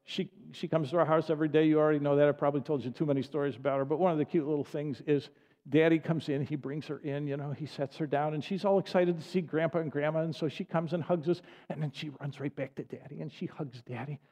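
A man's voice: a little high, steady tone, quick pace, darkish tone. An older man preaching a sermon as pastor, speaking in an earnest, repetitive cadence. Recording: long reverb of a large hall.

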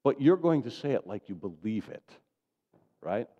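A man preaching a sermon as pastor, swinging from loud declarations to soft, low asides. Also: very animated, normal speed, lo-fi sound. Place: church sanctuary.

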